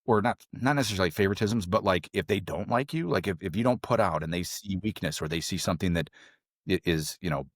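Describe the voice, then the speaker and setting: A middle-aged man on a podcast, telling a long story in a rambling, animated way, full of fillers and restarts, and jumping into a high voice when he quotes others. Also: quick pace, dry recording, clean studio sound. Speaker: podcast guest, former SEAL trainee. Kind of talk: casual storytelling interview.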